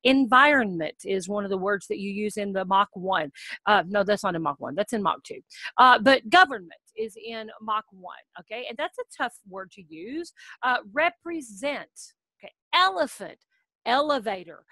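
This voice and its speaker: A middle-aged woman giving casual, upbeat advice on online English teaching, checking in with "okay?" and slowing right down to model words the way she would for a child. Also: mid-range voice, expressive, bright, forceful tone, no room sound. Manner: upbeat, coaching, frequent "okay?" check-ins. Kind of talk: casual instructional talk to camera.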